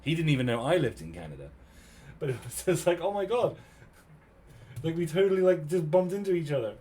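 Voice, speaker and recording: A man from Cornwall in his thirties with a British accent, casually telling a story to his stream chat in an animated, chatty way. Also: on the high side, fast. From Cornwall, England. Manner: chatty, animated retelling with quoted voices.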